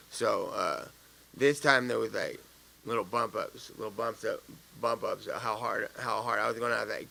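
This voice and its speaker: A man's voice: medium pitch, vocal fry, fairly bright tone. A man, a fighter at a press conference after his fight, answering questions bluntly and profanely, rambling with many fillers.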